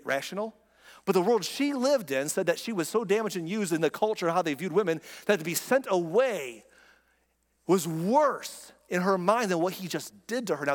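A man's voice: sits high, long reverb tail. A man preaching a sermon as pastor, talking to the congregation in a conversational, emphatic way and asking rhetorical questions.

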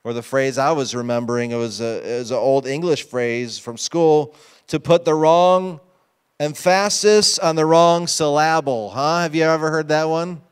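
A man's voice: mid-range voice, moderate pace, smooth. A pastor preaching a sermon to his congregation, emphatic and often asking them questions. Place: church sanctuary.

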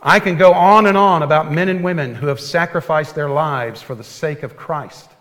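A man preaching a sermon as pastor, earnest and folksy, often dropping to a soft hush. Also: fairly high pitch, normal speed. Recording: long hall reverb.

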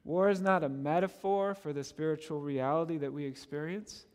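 Pastor, male, high voice, emphatic repetitive sermon delivery, reverberant sanctuary sound. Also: fairly even intonation, normal speed, a little mellow. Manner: emphatic, repetitive preaching cadence.

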